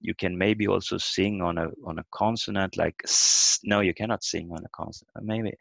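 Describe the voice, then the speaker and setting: A man's voice: sits low, fairly even intonation, moderate pace, gravelly, fairly bright tone, dry recording. A man teaching a language lesson over a video call, explaining step by step and sounding out words letter by letter. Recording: dull lo-fi video call audio.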